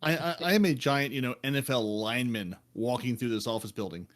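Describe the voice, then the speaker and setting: Mid-pitched man telling easygoing anecdotes. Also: brisk. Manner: relaxed anecdotal storyteller. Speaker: podcast guest or co-host. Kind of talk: casual chat.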